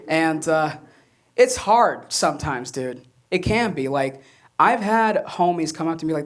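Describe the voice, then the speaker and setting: With a fairly high voice at an ordinary pace, a young comedian performs his set in a club where the audience laughs along. He tells his stories with animation, voicing the people he quotes.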